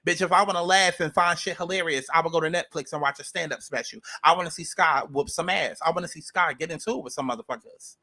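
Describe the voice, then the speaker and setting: New man reviewing reality TV, high and piercing, blunt and foul-mouthed. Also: quick pace, few pauses, pushed and bright. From New York. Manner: blunt, profane, sassy. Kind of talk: ranting commentary.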